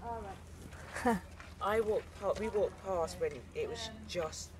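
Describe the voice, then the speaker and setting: A woman's voice: lowish voice, slow pace, background noise. A woman passer-by, enthusiastic and gushing while chatting outdoors. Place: outdoors by a canal.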